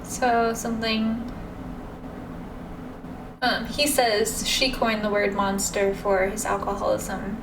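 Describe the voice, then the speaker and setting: A woman giving casual reaction commentary in a matter-of-fact, reflective way. She speaks slowly. Her voice sounds distant from the mic, with clear background noise behind her. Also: mid-range voice, level tone. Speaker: reaction video host.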